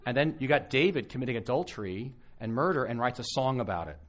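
A man's voice: mid-range voice, fast. A man, a pastor, giving a conversational sermon at a live conference, telling stories with frequent restarts. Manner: animated, storytelling with frequent restarts.

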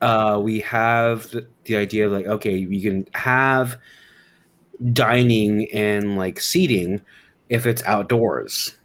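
A man hosting a casual chat, asking questions in halting starts with repeated words. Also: on the low side, a bit bright.

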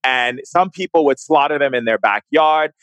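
A man's voice: medium pitch, normal speed, a bit bright, dry recording. A man in an emotional conversation, speaking with passion and often restarting and repeating his words.

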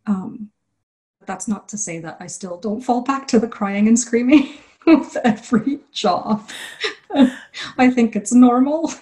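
A woman who illustrates children's books, answering interview questions in a candid, relaxed way. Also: on the high side, slow.

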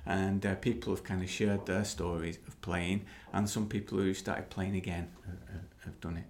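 A man co-hosting a podcast, chatty and quick to laugh, often restarting his sentences. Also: low-pitched, flat delivery, a little mellow. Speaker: podcast co-host. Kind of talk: casual podcast chat.

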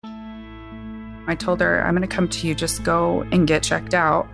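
A woman's voice: fairly low pitch, level tone, unhurried, gravelly, over music. A woman speaking as the sister of the main interviewee, earnestly recalling events in her own words. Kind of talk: emotional personal testimony.

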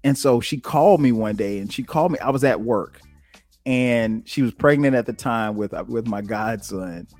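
A man from South Carolina hosting a podcast, telling stories in a relaxed, casual way and jumping up in pitch when he quotes himself. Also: moderate pace, faint music behind. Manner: animated, jumps high when quoting himself. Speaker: podcast host. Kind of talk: casual storytelling.

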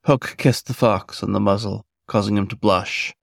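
A man narrating a story in a measured, scripted storytelling manner. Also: on the low side, steady tone, gravelly, no room sound, clean studio sound.

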